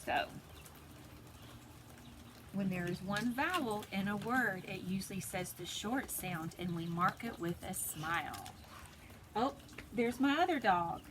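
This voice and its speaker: A woman teaching a phonics lesson to preschoolers, sounding out letters slowly and deliberately, recorded at home. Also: mid-range voice, lively intonation. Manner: slow, deliberate, sounds out letters for little kids. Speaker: pre-K teacher. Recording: noisy home video recording.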